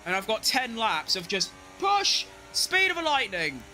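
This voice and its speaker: A man giving excitable, self-mocking live commentary while playing a racing game, talking to himself as he drives. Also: sits high, unhurried, soft background music. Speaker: gaming streamer.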